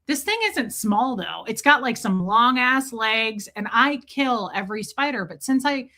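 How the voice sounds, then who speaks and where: A woman live streamer who rambles through stories in a frank, chatty way and swears casually. Her voice is bright and forceful, and sits a little high for a woman. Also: expressive, measured pace.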